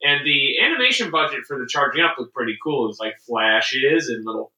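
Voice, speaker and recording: Animated man joking off-mic. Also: medium pitch, brisk, far from the mic. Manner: jokey, animated, laughs often. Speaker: podcast co-host. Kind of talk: casual chat. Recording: roomy echo, off-mic.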